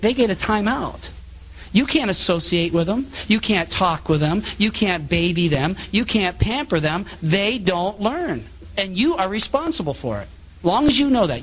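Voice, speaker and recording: A middle-aged man giving a sermon-style public talk, animated and acting out the voices of people in his stories. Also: sits high. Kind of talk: sermon with anecdotes. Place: meeting hall.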